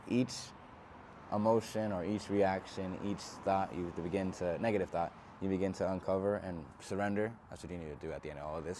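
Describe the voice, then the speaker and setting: A man's voice: low voice, mellow, slight background noise. A young man giving an earnest, casual self-help talk to camera, reflective and slangy.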